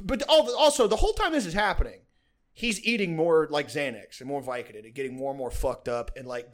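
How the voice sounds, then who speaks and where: Young male podcast host, slightly higher voice, loose profane storyteller, chatty and digressive. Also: fairly bright tone. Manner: rambling and profane, heavy on "like", laughs often. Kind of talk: casual storytelling chat.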